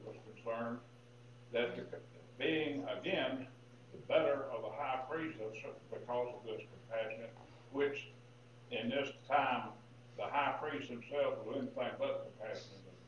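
Halting older man, far off and echoey. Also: mid-range voice. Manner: halting, with many fillers and restarts. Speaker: class member. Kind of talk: classroom comment. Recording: distant, very echoey, lo-fi, with room noise.

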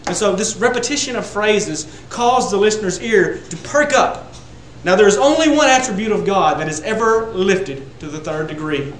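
A man preaching a sermon to a congregation, building to loud emphatic peaks on repeated words. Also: sits high, animated, moderate pace, hardly any pauses, roomy sound, a little hiss or hum, rough recording. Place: church sanctuary.

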